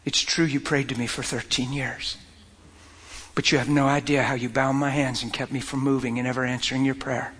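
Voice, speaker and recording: A man voicing God, who speaks gently and in a hush, sometimes almost whispering. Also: medium pitch, flat delivery, a little fast, husky, long reverb tail. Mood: tender.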